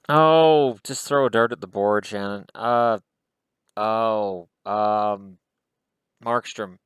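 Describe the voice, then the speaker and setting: A man's voice: fairly low pitch, no room sound. A man giving casual solo hockey commentary in a rambling, wry way, with self-deprecating asides.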